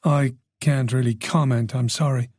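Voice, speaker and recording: A man's voice: mid-range voice, fairly even intonation, moderate pace, a little mellow, no room sound, studio quality, lightly acted. Man reading a modest, guarded chief inspector. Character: reserved middle-aged male police chief inspector.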